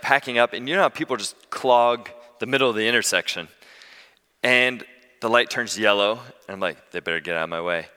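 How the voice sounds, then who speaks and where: A man preaching a sermon as pastor, telling stories in a conversational, animated way. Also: medium pitch, smooth, long reverb tail.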